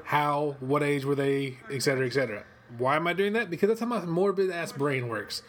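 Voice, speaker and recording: With a fairly high pitch, this western Kentucky man rambles and swears as he hosts a casual watch-along from his cold home office studio. He bursts into excitement easily.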